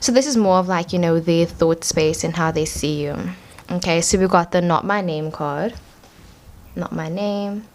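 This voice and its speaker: A woman's voice: fairly low pitch, moderate pace, a little mellow. A young woman giving a casual tarot reading at home, rambling and chatty with lots of filler words. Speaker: tarot reader. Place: home room.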